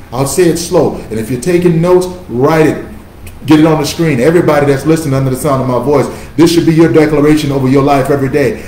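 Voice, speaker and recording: A man's voice: a little high, dark tone, reverberant, poor audio. A male pastor preaching a sermon in an emphatic, conversational style, calling on listeners to repeat after him.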